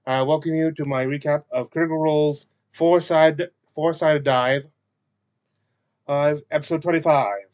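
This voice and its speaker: A man's voice: on the high side, fairly even intonation, measured pace, a little mellow. A man hosting a casual spoken recap, hesitant and full of fillers and restarts. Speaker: recap video host. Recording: dull lo-fi recording.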